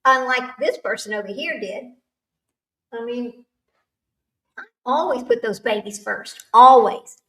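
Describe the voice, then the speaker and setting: An older woman hosts a livestream, chatting with her live chat in a rambling, talkative way and laughing along. Her voice is a little high and sharp, her pace a little slow with long pauses, and she sits back from the mic in an echoey room.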